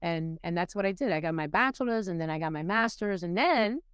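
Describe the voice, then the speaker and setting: Smooth-voiced woman telling her story. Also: fairly quick, no echo. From Puerto Rico, raised in New York City. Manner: animated, acts out quoted people with rising pitch. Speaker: podcast guest. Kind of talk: casual storytelling interview.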